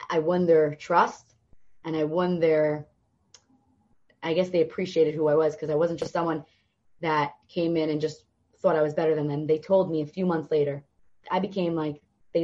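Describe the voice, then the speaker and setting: A woman's voice: sits low, highs cut off. A young woman, a podcast guest, telling stories in conversation and acting out the voices of the people in them. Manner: lively storyteller acting out quoted voices. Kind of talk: storytelling in conversation.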